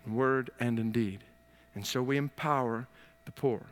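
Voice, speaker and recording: A man's voice: medium pitch, normal speed, big-room sound. A man preaching a sermon as pastor, stressing and repeating his key phrases.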